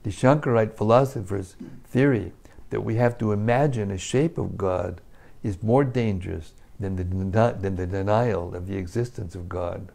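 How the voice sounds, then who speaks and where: A middle-aged man reading a religious commentary aloud, slow and measured, with occasional restarts. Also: lowish voice, gravelly, a little mellow. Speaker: reader of scripture purports.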